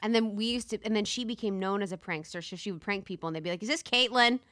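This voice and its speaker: A woman's voice: medium pitch, rapid-fire, dry recording, clean studio sound. A young woman from Ohio hosting a podcast, chatting casually and animatedly, swearing and laughing often. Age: young adult. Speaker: podcast host. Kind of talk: casual chat.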